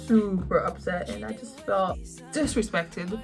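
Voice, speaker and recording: A woman's voice: medium pitch, over music. Young woman telling an emphatic storytime. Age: young adult. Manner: animated, emphatic, drawn-out words. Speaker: vlogger. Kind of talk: storytime vlog.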